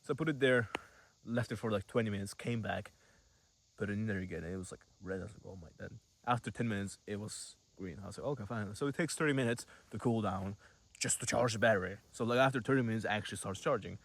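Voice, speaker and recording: Talking fast in a gravelly voice that sits low for a man, this 18-year-old vlogger loosely rambles through a story like he's chatting with a buddy. He relies heavily on filler words and throws in curses along the way.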